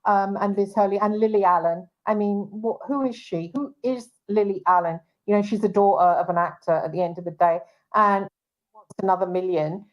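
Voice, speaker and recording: An agitated woman hosting a casual talk show, voice at an ordinary middle pitch. She talks in an indignant rush, restarting sentences and trailing off into fillers. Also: steady tone, normal speed, highs cut off. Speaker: show host and private investigator.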